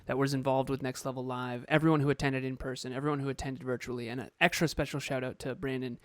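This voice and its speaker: A man's voice: mid-range voice, flat delivery, quick pace, dry recording. Emphatic motivational podcast man, dry mic. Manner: emphatic, repeats words for stress. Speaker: podcast co-host and coach.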